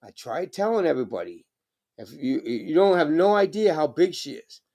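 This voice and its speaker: A stoned man talks loosely and rambles, swearing as he goes. His pitch rides a touch high and bounces around a lot. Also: lively intonation, moderate pace, creaky, dark tone. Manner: rambling, swearing, laid-back. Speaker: live streamer. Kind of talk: casual chat.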